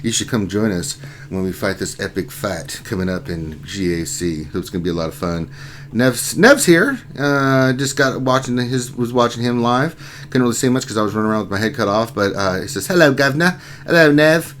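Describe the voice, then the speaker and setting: A man's voice: on the low side, expressive, a little fast, fairly bright tone, a little hiss or hum. A man hosting a casual livestream, reading out chat names and greeting viewers one by one. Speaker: livestream host.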